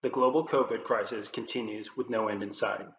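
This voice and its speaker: A man presenting as a leadership coach, giving scripted tips to camera in a clear, upbeat presenter manner. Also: lowish voice, fairly even intonation, brisk, fairly bright tone. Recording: roomy, slightly dull with faint noise.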